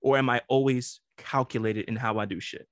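A man's voice: mid-range voice, steady tone, a little fast, no room sound, clean studio sound. A man co-hosting a podcast, talking casually and reflectively with some profanity. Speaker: podcast co-host.

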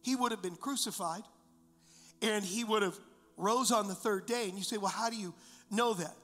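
High-voiced man preaching in an echoey hall. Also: normal speed, fairly bright tone, faint music behind. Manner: repetitive, emphatic preaching with rhetorical questions. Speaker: pastor. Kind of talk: sermon. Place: church.

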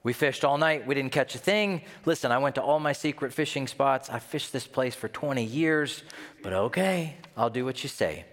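A man's voice: medium pitch, moderate pace, lightly acted. A man voicing a tired adult male fisherman who grudgingly agrees after a fruitless night, in a resigned tone, in a reverberant hall. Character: weary grown male fisherman giving in.

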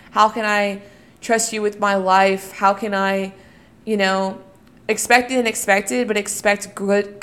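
A young woman, a college student, talking casually and earnestly about her faith, often using "you know" and "like". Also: mid-range voice. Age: young adult. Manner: earnest, reflective, many fillers like "you know" and "like". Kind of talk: casual devotional talk.

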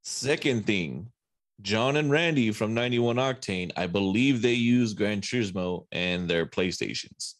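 A man's voice: lowish voice, unhurried. A man hosting a podcast in casual banter, steering the topics with self-deprecating jokes. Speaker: podcast host.

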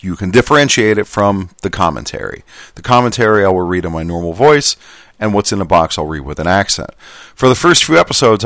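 A man's voice: lowish voice, vocal fry, a bit bright, dry recording, clean studio sound. A man hosting a podcast, reading a labor contract aloud and explaining it in a casual, chatty, self-deprecating way. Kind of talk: informal reading with commentary.

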